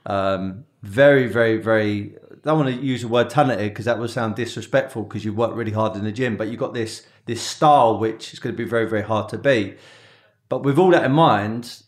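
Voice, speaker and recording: A man's voice: on the low side, a little fast. A man hosting a podcast interview, asking questions in a chatty way and telling anecdotes. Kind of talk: conversational interview.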